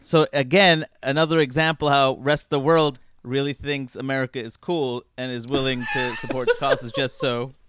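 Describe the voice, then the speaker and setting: A man's voice: mid-range voice, steady tone, moderate pace, hardly any pauses, a bit bright, clear, resonant tone. A man co-hosting a comedy podcast, speaking bluntly and with indignation. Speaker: podcast co-host.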